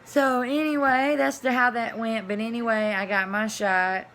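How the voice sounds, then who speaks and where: A woman vlogger telling a personal story to camera, chatty and animated, dropping to hushed asides and rising to loud exclamations. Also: on the high side, moderate pace. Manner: chatty, addresses viewers as y'all.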